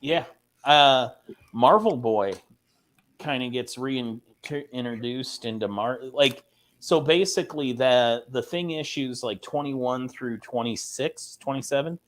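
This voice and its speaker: A man's voice: medium pitch, unhurried. A man joking around as a panelist in a casual chat. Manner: jokey, playful.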